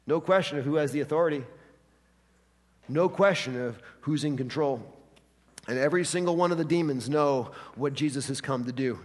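Guy preaching a sermon, bit higher voice, long echo in the hall, acts out the quotes. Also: fairly quick. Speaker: pastor.

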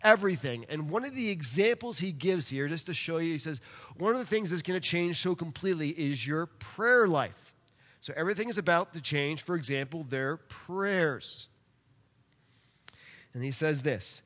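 Man, pastor, storytelling sermon, high voice, long hall reverb. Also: normal speed. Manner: animated storytelling, addresses congregation directly.

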